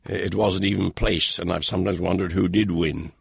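An older man reading his own foreword to an audiobook in a dry, wry, unhurried manner. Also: sits low, fairly even intonation, gravelly, breathy edge, no echo. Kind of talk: read-aloud personal foreword.

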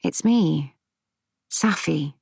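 A woman voicing a gentle soothing granddaughter. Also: on the low side, expressive, slow pace, no room sound, pitched above the performer's own voice, heavily acted.

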